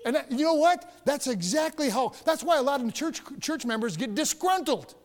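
A man's voice: very high-pitched, expressive, normal speed. A man preaching a sermon in a church, telling stories and growing emphatic. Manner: storytelling, emphatic, rising to shouts. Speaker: pastor. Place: church sanctuary. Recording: long reverb of a church hall.

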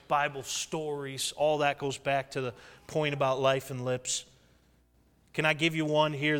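A man's voice: fairly high pitch, bright, forceful tone, clear, resonant tone. A pastor in his thirties preaching a sermon, calling out for amens from the congregation. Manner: call-and-response preaching with frequent amens. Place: church sanctuary. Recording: echoey hall reverb.

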